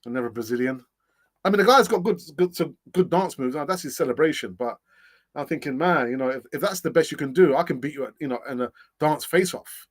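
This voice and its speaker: A middle-aged man, fairly high-voiced for a man, hosts a casual live stream. He chats loosely, laughs easily and fills gaps with ums while he reads out comments. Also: animated, fairly quick. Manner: chatty, laughs often, thinks aloud with fillers. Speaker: host of a fan channel live stream.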